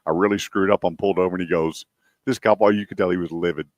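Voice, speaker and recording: Brief: male radio host, lower voice, animated storyteller, dry studio sound. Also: quick pace, dry recording, muffled recording. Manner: animated storyteller, acts out quotes. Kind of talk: casual radio talk.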